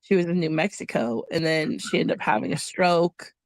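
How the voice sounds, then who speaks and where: A woman host in a casual chat, telling a personal story in an animated way and acting out the voices she quotes. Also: fairly low pitch, moderate pace.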